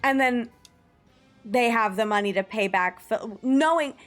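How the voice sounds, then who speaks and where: A woman's voice: fairly high pitch, measured pace. Chatty young American woman streamer. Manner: rambling and enthusiastic, heavy on "like" fillers and swearing. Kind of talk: casual chat while gaming. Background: faint game music.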